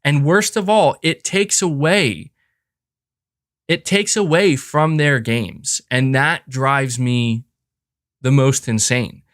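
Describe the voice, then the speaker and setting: A man's voice: mid-range voice, takes it slowly, fairly bright tone, dry recording, clean studio sound. Emphatic man ranting on a podcast. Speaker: podcast host. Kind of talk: casual opinion commentary.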